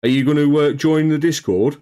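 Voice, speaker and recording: Speaking on the high side, fairly quickly, in a mellow, smooth voice, a man hosts a live hobby stream from his home hobby room. He reads chat, welcomes viewers by name, calls them mate and swears here and there.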